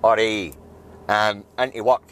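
A man's voice: fairly low pitch, steady tone, unhurried, a bit bright, slight background noise. Angry Scottish man ranting. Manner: blunt, angry, swears a lot, rising to emphatic outbursts. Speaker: political video commentator. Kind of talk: ranting news review.

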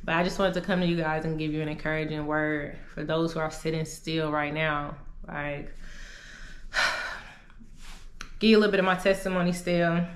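A young adult woman vlogging a candid devotional testimony, sighing and laughing softly as she talks. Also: sits low, steady tone, normal speed, long pauses, echoey room, slight background noise. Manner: candid, conversational, with sighs and soft laughs. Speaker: YouTuber sharing testimony. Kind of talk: casual devotional vlog talk.

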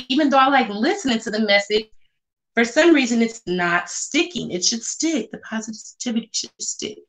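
A woman's voice: on the high side, animated, moderate pace, fairly bright tone. A woman chatting casually on a live stream, reading comments aloud and reacting with sass. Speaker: vlogger reading live chat.

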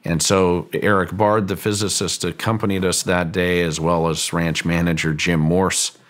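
Deep-voiced man telling a story haltingly. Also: flat delivery, a bit bright. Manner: halting, often repeats words while telling a story. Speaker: guest, ranch owner recounting a story. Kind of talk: interview storytelling.

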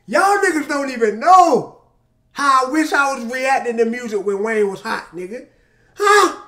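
A man reacting to music on his channel, excitable and emotional, shouting and exclaiming and talking straight to his viewers. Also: extremely high pitch, moderate pace. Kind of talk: casual reaction commentary.

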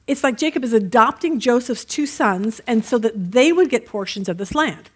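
A woman's voice: fairly high pitch, lively intonation, moderate pace, hardly any pauses, breathy edge. A middle-aged woman leading a women's Bible study, explaining scripture in a chatty, conversational way and reading passages aloud. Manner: chatty, tells jokes, reads scripture aloud.

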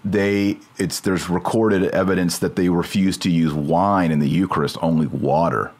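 Very low-voiced man musing aloud. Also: fairly even intonation, normal speed, darkish tone. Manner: thinks aloud, checks terms mid-sentence. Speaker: podcast host. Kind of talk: casual discussion.

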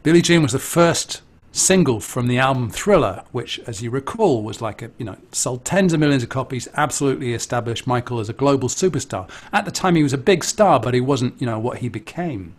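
English man, musician, casual storytelling, chatty, animated, amused asides, middle pitch. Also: brisk. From England. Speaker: interviewee, musician.

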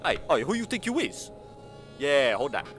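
A man's voice: a little high, very animated, moderate pace, fairly bright tone. A man doing horror game commentary, jumpy and panicky, pleading with and talking back to the monster chasing him. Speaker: gaming channel host. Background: game music.

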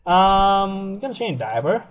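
A young man talks through his game in a loose, chatty commentary. His voice sits somewhat high and swings widely in pitch, and he laughs and swears easily. A faint hiss lies under the recording. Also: slow, phone-quality sound. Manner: excitable, laughs often, swears freely. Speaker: let's play gamer.

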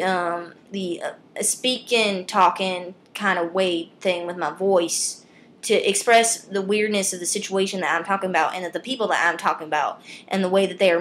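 A woman's voice: mid-range voice, a bit bright. A woman vlogger ranting on camera in a comedic, rambling way, trailing off and restarting mid-sentence. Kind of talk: comedic vlog rant. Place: filming herself on camera.

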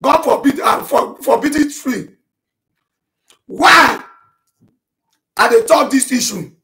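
Shouting Nigerian man, high and bright. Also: lively intonation, measured pace, gravelly, long pauses. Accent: Nigerian Pidgin English. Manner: shouting, passionate, repetitive, switches into chanted vernacular. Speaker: self-styled prophet addressing his online audience. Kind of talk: impassioned monologue to camera, rebutting accusations.

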